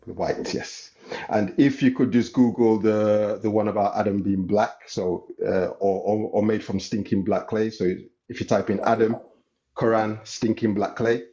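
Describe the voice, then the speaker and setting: A man in his thirties calling into a debate, explaining in a measured way. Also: on the low side, fairly even intonation, warm tone, lo-fi sound. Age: 30s. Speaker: caller.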